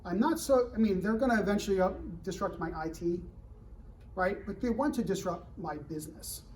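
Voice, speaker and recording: Middle-aged man, high voice, addressing a crowd. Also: brisk, far from the mic, slight background noise, poor audio. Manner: animated, rhetorical questions to the crowd, frequent "right?". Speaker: government security director speaking to students. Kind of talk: fireside chat to a live audience. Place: university event room.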